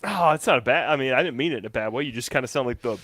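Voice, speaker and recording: A man's voice: medium pitch, racing, crowd noise. A man hosting a sports show, talking in an easygoing, casual way with a dry, amused tone. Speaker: host.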